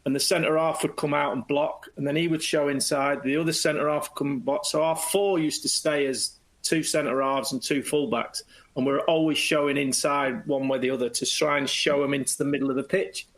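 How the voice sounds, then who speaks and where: A middle-aged man, a former footballer, telling anecdotes as a guest in a lively way and slipping into quoted voices. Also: a little high, a little fast, rough recording. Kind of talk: anecdotal storytelling.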